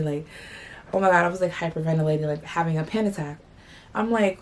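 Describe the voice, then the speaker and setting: A woman's voice: fairly low pitch, a little fast. A young woman from New York, talking casually as she tells a story and repeats 'like' and 'blah blah'. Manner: animated, slangy retelling full of 'like' and 'blah blah'. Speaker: vlogger.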